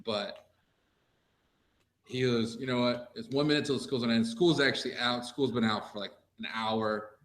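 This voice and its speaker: A man's voice: medium pitch, fairly even intonation, moderate pace, fairly bright tone. A man in a casual talk show chat, rambling through a story with lots of "like". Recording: echoey room, faint noise.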